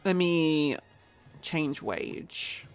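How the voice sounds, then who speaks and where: A woman, chatting excitably to her viewers while she plays a game on a live stream. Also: deep voice, faint music behind. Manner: chatty and excitable, quick exclamations. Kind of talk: casual live-stream chat while playing.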